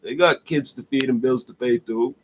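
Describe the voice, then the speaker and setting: A man's voice: mid-range voice, normal speed. Sardonic man ranting, lo-fi. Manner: crude, sardonic, scornful. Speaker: vlogger. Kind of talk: profane ranting monologue. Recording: dull lo-fi recording with faint hiss.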